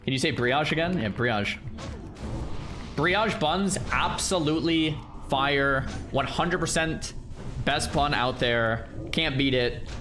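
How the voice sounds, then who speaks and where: A male streamer chatting casually with his viewers in an animated, incredulous way. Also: fairly high pitch, a little slow, background noise. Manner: animated, incredulous, talks to chat. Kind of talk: casual livestream chat.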